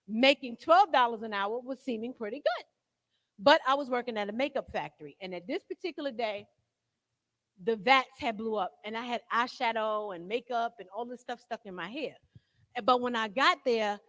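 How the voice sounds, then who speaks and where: A woman's voice: on the high side, pushed and bright. A woman giving a live recovery testimony in a jail, frank and streetwise, telling her story with profanity. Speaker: guest speaker in recovery. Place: jail hall. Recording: long hall reverb.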